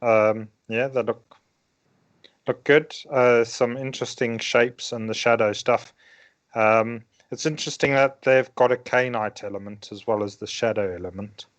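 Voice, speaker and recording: Brief: halting male panelist, mid pitch, dry recording. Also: steady tone, dry recording. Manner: hesitant, many ums and uhs. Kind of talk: casual chat.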